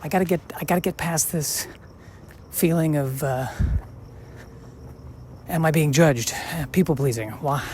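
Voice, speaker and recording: A man in his forties hosting a podcast, rambling and thinking out loud as he walks outdoors, musing and questioning himself with many halting restarts. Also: fairly high pitch, a little hiss or hum. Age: 40s. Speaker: podcast host. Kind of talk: casual rambling monologue while walking outside. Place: outdoors, walking on a sidewalk.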